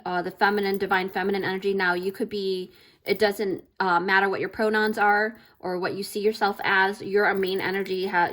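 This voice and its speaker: A woman doing a casual tarot reading as a channel host, rambling with many fillers and restarts, warm and affirming in a spiritual way. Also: medium pitch. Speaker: tarot reader.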